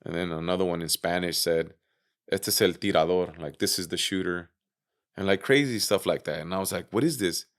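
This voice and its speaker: A low, gravelly-voiced man talking as a podcast guest. He retells events casually, full of "you know" and "I go," swearing and acting out what others said. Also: fairly quick. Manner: animated retelling with acted-out quotes, swearing, frequent fillers. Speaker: interview guest. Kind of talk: casual storytelling interview.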